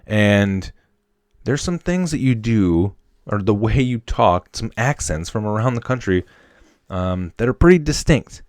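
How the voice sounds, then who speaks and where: A man in his thirties from Wisconsin, with a faint Upper Midwest accent, hosting a casual solo podcast in a slangy, excitable, chummy way. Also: on the low side, measured pace, no room sound, studio quality. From Wisconsin, USA. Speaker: podcast host.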